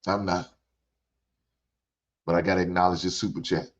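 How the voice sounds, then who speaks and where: A man's voice: deep voice, flat delivery, normal speed. Profane older man ranting in a preachy way. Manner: blunt and profane; preachy, repeats phrases. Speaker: reaction show host. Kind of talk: ranting commentary. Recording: dull lo-fi recording.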